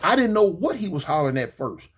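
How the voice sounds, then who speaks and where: An animated storyteller with a husky voice, spinning a casual tale in slangy speech. The pitch swings widely, and the teller keeps repeating words and slipping into acted-out voices. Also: quick pace. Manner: acts out voices in quotes.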